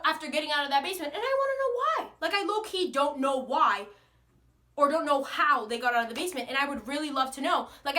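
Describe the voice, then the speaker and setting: A young American woman vents on camera in a loose, swear-heavy rant. Her voice sits high and bright, and she sounds exasperated throughout. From United States. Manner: animated, profane, exasperated. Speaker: vlogger. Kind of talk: ranting casual monologue.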